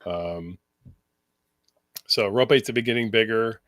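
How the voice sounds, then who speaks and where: A man co-hosting a live chat show in a relaxed, searching way, pausing on ums as he finds his words. His voice sits a little low, and the recording is dry and close, with no room sound. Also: dry recording. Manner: relaxed, hesitant, full of ums, reads out viewer comments. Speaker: co-host. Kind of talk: casual chat.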